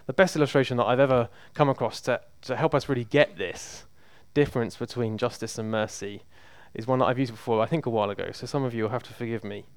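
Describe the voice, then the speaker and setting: Male preacher, conversational and emphatic; clear, resonant voice, dry close sound. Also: mid-range voice, fast, few pauses, dry recording. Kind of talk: sermon.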